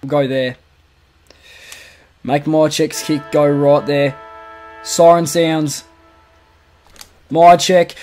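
A young Australian man calling his own football video game, jumping from quiet muttering to loud cheering when goals go in. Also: on the high side, takes it slowly, pauses often, soft background music. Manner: swings from muttered asides to shouted goal calls. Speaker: gaming commentator. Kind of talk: excited play-by-play over a football video game.

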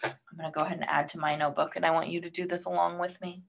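A woman's voice: fairly low pitch, little pitch movement, rapid-fire, vocal fry. A woman teacher reading a picture book aloud to young students and coaxing them with questions about what they learned.

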